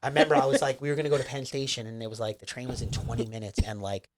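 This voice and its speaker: New guy rambling thru a story, swears a lot, says like constantly, average pitch. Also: very fast, background noise. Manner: profane, rambling, lots of fillers. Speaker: comedian guest. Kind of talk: casual storytelling chat.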